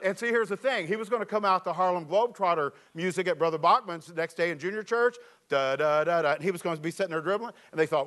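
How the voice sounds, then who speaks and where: A preacher man with a fairly high voice gives an animated, storytelling sermon and reads scripture aloud. His voice sounds a little weak and worn. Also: fast. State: slightly weak voice. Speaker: pastor.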